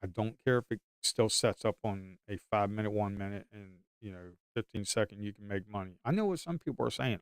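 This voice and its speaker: Smooth-voiced male trading streamer. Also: on the low side, brisk, few pauses, dry recording, studio quality. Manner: emphatic and repetitive. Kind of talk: live trading commentary.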